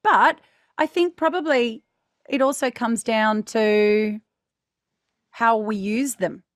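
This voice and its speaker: A woman's voice: a little high, takes it slowly, dry recording, clean studio sound. A woman co-hosting a podcast as a voice teacher, explaining ideas carefully and hedging with "you know" and "like". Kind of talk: casual chat.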